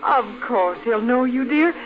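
A woman's voice: on the high side, expressive, a little slow. An actress playing a young mother waiting for her soldier husband in a 1950s radio drama, tender and tearful. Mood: soothing. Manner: tender, breathless, rising to tearful calls. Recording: dull radio recording with music.

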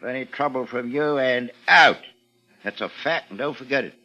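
A man's voice: medium pitch, moderate pace, lo-fi sound, faint music behind, natural voice. A man playing a curt, stern tavern keeper. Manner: curt and blunt. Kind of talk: radio drama acting.

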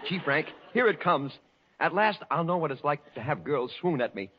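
A nervous, naive young man, played by a man, stammers eagerly in a high, bouncy voice. The old broadcast sound is muffled with a light hiss. This is 1940s radio comedy acting. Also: expressive, normal speed, a faint crowd, close to an everyday voice.

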